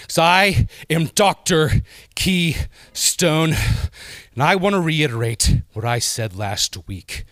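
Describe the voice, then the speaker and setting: Slow, theatrical wrestler with over-enunciated words. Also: male voice, mid-range voice, a bit bright, no room sound, clean studio sound. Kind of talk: in-character wrestling promo.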